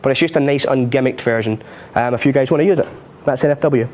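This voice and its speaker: Man, magic tutorial on a live stream, chatty, jokes at his own expense, laughs a lot, ordinary middle pitch. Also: fast, darkish tone, slight background noise. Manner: chatty and self-mocking, laughs often. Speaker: magic instructor.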